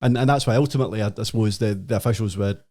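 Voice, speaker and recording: A man's voice: lowish voice, very fast, dark tone. A man co-hosting a football podcast, talking with many stammered restarts. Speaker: podcast co-host. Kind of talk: casual chat.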